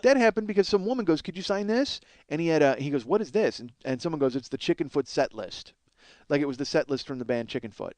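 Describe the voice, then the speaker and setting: Here a man in his 30s hosts a podcast, delivering a rambling solo monologue packed with profanity and self-deprecation. He speaks fast and expressively in a fairly high voice with a darkish tone, and the audio has no echo.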